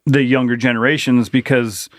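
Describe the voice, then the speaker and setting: A man's voice: medium pitch, fairly even intonation, normal speed, no room sound, clean studio sound. A man co-hosting a podcast in casual chat, rambling and emphatic, swearing freely. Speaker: podcast co-host.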